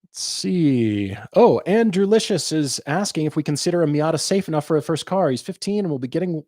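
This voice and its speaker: A man's voice: fairly high pitch, animated, brisk, a little mellow, dry recording, studio quality. Man co-hosting a live car podcast. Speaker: podcast co-host. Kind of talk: casual live-stream chat.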